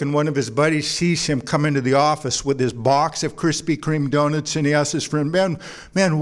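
A pastor delivers a sermon to his congregation in a relaxed, conversational manner. He mixes in jokes and asides. His voice sits a little on the higher side for a man. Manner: conversational preaching with humor and anecdotes. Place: church before a congregation.

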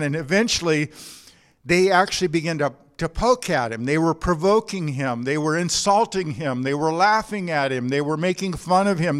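A man preaching a sermon in a storytelling way. His voice sits a little higher than most men's. He talks in loose, conversational bursts with frequent restarts. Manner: storytelling with quoted anecdotes, frequent restarts and "you know". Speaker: pastor.

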